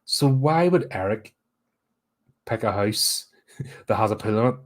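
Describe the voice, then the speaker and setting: A man's voice: lowish voice, animated, unhurried. A man hosting a horror podcast, giving a blunt, sweary and exasperated casual film review.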